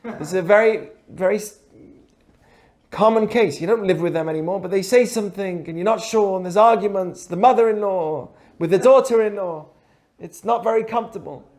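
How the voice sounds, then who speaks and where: High-voiced man teaching an ethics lesson. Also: moderate pace, a little mellow. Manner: acts out dialogue in quoted voices; asks the audience rhetorical questions. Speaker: Torah teacher.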